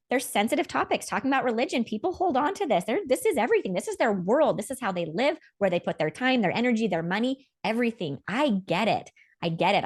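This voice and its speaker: A woman hosting a casual spiritual chat, talking in an earnest, rambling way about feelings and growth. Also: mid-range voice. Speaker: podcast host.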